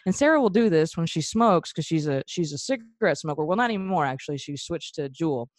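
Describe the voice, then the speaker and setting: A woman in her thirties with a notably low voice tells a story in a relaxed, chatty way and laughs often as she talks. The sound is dry and close, with no room around it. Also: fairly quick, no echo. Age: 30s. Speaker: podcast host. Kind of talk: casual chat.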